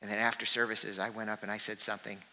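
A man preaching a sermon as pastor, earnest and moving between lifted calls and soft confiding asides. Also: on the low side, level tone, fast talker. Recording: hall reverb.

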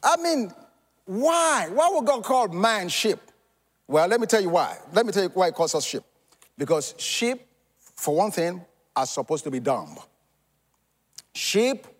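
A man preaching a sermon in a high, animated voice that swoops up and down. He leans on pauses and repeats his key phrases. The sound carries a long, echoing hall reverb. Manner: preaching with dramatic pauses and repetition. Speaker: pastor.

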